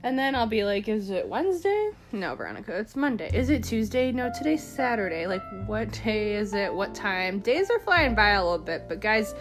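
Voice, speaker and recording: A woman's voice: medium pitch, sing-song, a little fast, few pauses. Young woman, casual vlog rant, swears freely, rambling and self-mocking, mid-range voice, faint music behind.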